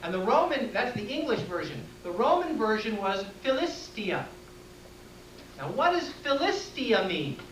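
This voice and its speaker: A man's voice: high voice, very animated, a little slow, fairly bright tone, distant mic. A man giving a classroom lecture and answering questions from the audience in a plain, direct way. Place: lecture room. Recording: echoey room taped from afar, faint hiss.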